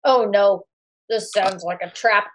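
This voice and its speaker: A woman's voice: medium pitch, unhurried. A woman playing a tabletop game, speaking casually and playfully. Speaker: player.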